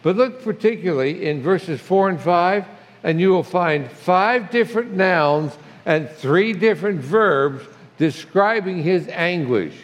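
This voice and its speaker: A man's voice: sits high, expressive, unhurried. An older man preaching a conversational sermon as a pastor, reading scripture with feeling. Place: church sanctuary. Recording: long hall reverb.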